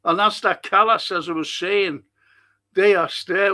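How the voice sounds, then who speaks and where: A man's voice: high-pitched, fairly even intonation, unhurried, sharp tone. A middle-aged man with a Liverpool accent hosting a live talk stream, rambling in a blunt, indignant monologue and swearing freely. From England. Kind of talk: rambling monologue reading viewer comments.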